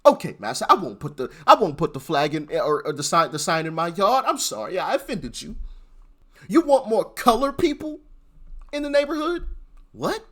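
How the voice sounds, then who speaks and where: A man's voice: sits high, big pitch swings, moderate pace, pushed and bright, voice pushed up, heavily acted. A man voicing a servile enslaved man who pleads and grovels before his master in a mocking impression. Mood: mock apology.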